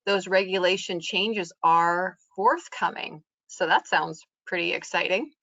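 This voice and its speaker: A woman's voice: fairly low pitch, measured pace, bright, forceful tone, no echo. A woman moderating a webinar panel, reading out viewer comments and sharing her experience, with hesitant fillers. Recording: dry, muffled video call audio.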